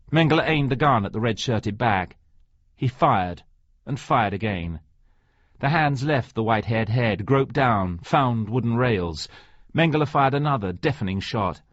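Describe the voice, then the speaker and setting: A man narrating an audiobook in a slow, deliberate reading. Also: medium pitch, lively intonation, no echo. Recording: dry, slightly muffled recording.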